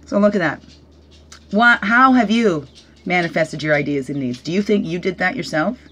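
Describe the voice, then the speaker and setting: A woman's voice: fairly low pitch, lively intonation, normal speed. Reflective woman giving a card reading. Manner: reflective, asks many questions, often adds "right?"; gently joking, laughs at herself. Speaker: spiritual teacher giving a weekly oracle card reading. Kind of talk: casual guided card reading. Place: at home.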